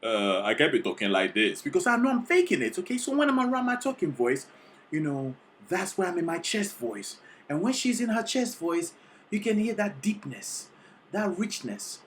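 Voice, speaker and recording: A vocal coach reacting to a singing performance, excitable and teacherly, often checking in with the listener. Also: medium pitch, moderate pace, slight background noise. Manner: excitable, sings short demonstrations between explanations; teacherly, keeps checking in with "okay?". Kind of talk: reaction video commentary.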